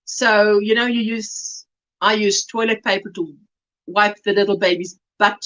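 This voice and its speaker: On a lo-fi recording, a middle-aged woman with a South African accent speaks at medium pitch with fairly even intonation and a measured pace. Hosting a casual crochet livestream, she chats warmly, reads comments aloud and greets viewers as sweetheart.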